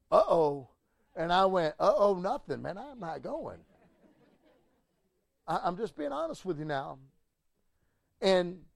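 A middle-aged man, a pastor, telling a story in a sermon with animated swings from loud to hushed and stammering restarts. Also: on the high side, no echo.

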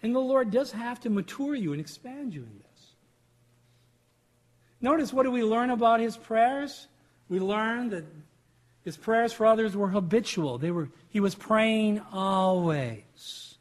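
A man's voice: high voice, lively intonation, a little slow. A man preaching a sermon as a pastor, emphatic and full of rhetorical questions.

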